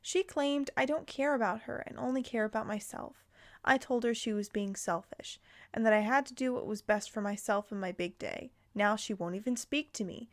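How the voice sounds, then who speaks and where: A woman's voice: mid-range voice, moderate pace. A woman vlogger who reads online posts aloud and reacts to them in a blunt, heated way, swearing freely in casual talk full of fillers. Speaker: commentary vlogger.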